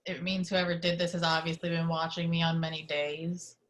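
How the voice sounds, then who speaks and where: A woman's voice: lowish voice, flat delivery, fairly quick, close to an everyday voice. A woman reading as a scared, bitter young captive. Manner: sullen, then panicky and swearing. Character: scared young man chained in a grim bathroom. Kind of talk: amateur table read.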